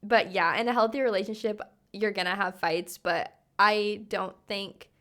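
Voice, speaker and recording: A woman's voice: mid-range voice, steady tone, normal speed, fairly bright tone. A young woman co-hosting a podcast, chatting casually with many fillers. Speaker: podcast co-host. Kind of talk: casual chat.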